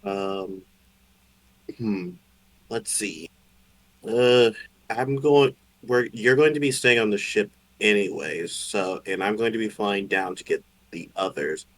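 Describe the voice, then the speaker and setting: A man playing a tabletop game, thinking aloud with hesitant pauses. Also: lowish voice, a bit bright. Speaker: player. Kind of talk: casual tabletop play.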